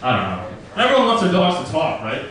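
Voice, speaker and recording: A man's voice: fairly high pitch, wildly swooping pitch, a little fast, fairly bright tone, recorded from a distance. A young man doing a stand-up comedy set in a club, telling stories in a crude, profane, casual way. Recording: roomy club recording from afar.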